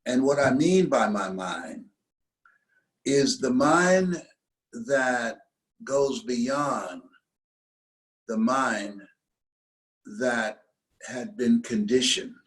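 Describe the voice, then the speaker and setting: Speaking in a mid-range voice over poor audio, this older man from the US is a guest in an interview. He shares a motivational story, easing his pace to emphasize important phrases.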